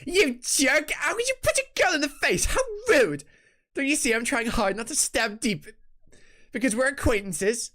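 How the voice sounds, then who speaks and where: A woman voicing a brash, hotheaded young woman fighter in a webtoon read-through, mocking and animated. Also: a little high, moderate pace, close to an everyday voice. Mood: teasing.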